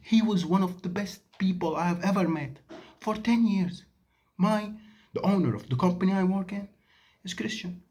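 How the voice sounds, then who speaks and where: Speaking to camera at a moderate pace, this Syrian man in his thirties, whose native language is Arabic, has a high, slightly mellow voice. His impassioned vlog monologue is furious and emphatic, driven by rhetorical questions.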